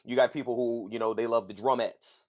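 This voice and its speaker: A man's voice: mid-range voice, a little fast. A man from the States, hosting a podcast and telling a story in a casual, profane way. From Southern United States. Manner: animated, profane, acts out other voices. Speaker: podcast host.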